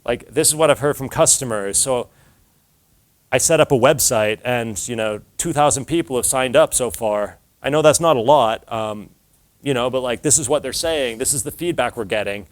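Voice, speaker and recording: A man's voice: mid-range voice, normal speed. A man giving a casual talk to an audience, telling stories with lots of filler words and acted-out dialogue.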